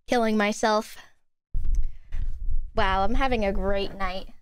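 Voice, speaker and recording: A woman's voice: mid-range voice, steady tone, slow pace, clear, resonant tone. A woman streamer chatting live to her viewers at her desk, exasperated and swearing freely. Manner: exasperated, swearing, talking to chat. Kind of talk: live stream reaction chat. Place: home room at a desk.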